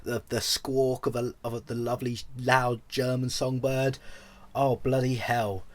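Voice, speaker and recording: A man's voice: mid-range voice, little pitch movement, unhurried. A young British man telling a comic travel story as a vlogger, rambling and self-deprecating, with many false starts.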